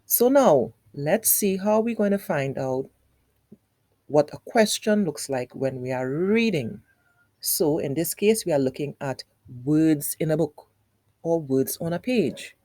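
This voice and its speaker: Low-voiced, lively teacher woman. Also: a little slow, no echo. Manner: speaks directly to children with exaggerated, sing-song intonation; patient, explains step by step with repetition. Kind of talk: lesson for young children.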